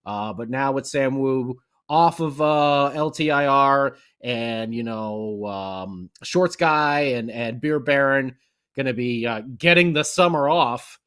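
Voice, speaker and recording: A man's voice: mid-range voice, slow, a bit bright, clear, resonant tone. A man co-hosting a casual sports podcast, wry and playful, slipping into mock-formal sign-offs. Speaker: podcast co-host.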